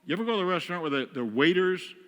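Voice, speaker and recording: A man's voice: sits high, animated, rapid-fire, a bit bright. A man from western New York, a guest speaker telling wry, self-mocking stories in a humorous sermon. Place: church sanctuary. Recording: church hall reverb.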